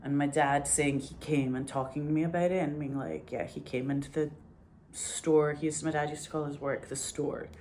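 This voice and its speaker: A woman's voice: sits low, fairly even intonation, moderate pace, a little mellow, slight background noise. A Scottish woman telling stories in a casual, rambling way, swearing freely and saying "like" constantly. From Scotland. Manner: rambling, profane, heavy use of "like". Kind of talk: casual storytelling.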